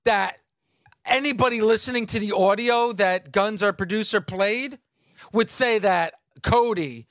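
High-pitched guy on a talk show, defensive, keeps repeating himself, dry studio sound. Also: measured pace, fairly bright tone, no echo. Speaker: radio show co-host. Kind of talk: heated studio banter.

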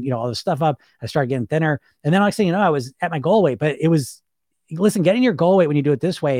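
A man's voice: fairly high pitch, a little mellow, dry recording, clean studio sound. A man hosting a weight loss podcast, talking casually in a frank, rambling, blunt way with lots of filler words. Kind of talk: casual motivational talk.

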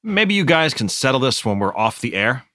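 A man's voice: mid-range voice, big pitch swings, moderate pace, sharp tone, dry recording, clean studio sound. A man hosting a mock interview in a sketch with the manner of an exasperated moderator. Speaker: sketch comedy host.

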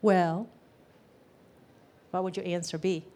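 Soft-voiced woman teaching a class. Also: fairly low pitch, steady tone, takes it slowly. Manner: conversational, questions to the audience, many "um"s and "right?". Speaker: gestalt therapy teacher. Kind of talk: live class lecture.

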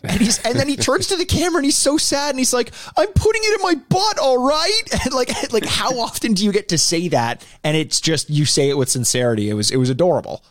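A man hosting a casual podcast chat, animated and laughing as he retells moments, swearing freely. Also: high-pitched, fast, few pauses, no room sound, clean studio sound. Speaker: podcast host.

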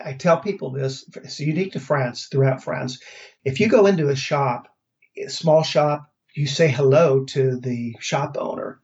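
A man from the United States, talking as a guest in a relaxed, storytelling way with a few restarts. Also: on the high side. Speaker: interview guest. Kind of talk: casual conversation. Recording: slightly dull lo-fi sound.

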